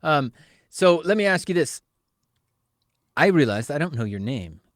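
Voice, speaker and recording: A man's voice: a little high, sing-song, no echo. Chatty podcast host man, dry studio. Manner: chatty, laughs often, quick follow-up questions. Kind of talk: casual interview chat.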